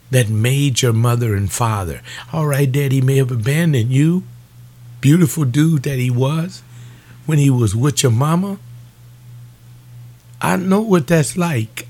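Fervent male preacher pleading. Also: darkish tone. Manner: fervent, pleading, rises in pitch on emotional appeals. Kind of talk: webcast sermon.

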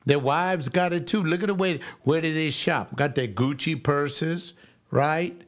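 A male preacher delivering a sermon in a folksy, emphatic way, slowing down to stress key phrases. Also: a little high.

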